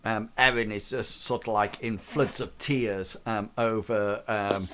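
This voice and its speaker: Acting as game master, a man narrates a tabletop game, rambling with lots of fillers and restarts. His voice is lowish and fairly bright, with fairly even intonation and a slightly slow pace, and there's a little hiss or hum on the recording.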